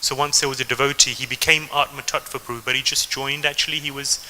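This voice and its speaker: A man's voice: mid-range voice, level tone, quick pace, pushed and bright, slight background noise, low-quality recording. A man from England with an English accent, giving a devotional talk and telling stories to the audience. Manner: storytelling, addresses the audience directly. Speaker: temple speaker.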